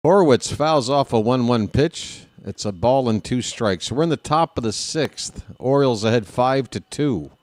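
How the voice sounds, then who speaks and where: A man calling a baseball game play by play in a fan-made broadcast, rambling into joking asides between pitches. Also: animated, measured pace, hardly any pauses, dry recording. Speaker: play-by-play announcer.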